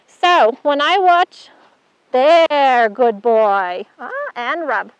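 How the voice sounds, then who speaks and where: A woman's voice: high-pitched, extremely slow, smooth, dry recording. A woman instructor giving a chatty hands-on horse handling demonstration, praising the horse as she works. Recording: dull dry sound.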